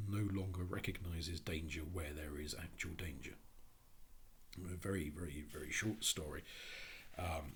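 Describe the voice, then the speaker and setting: A man giving a reflective spoken talk on psychology, thinking aloud in a halting way with frequent restarts. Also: low-pitched, a bit bright, husky. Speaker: speaker on Jungian psychology.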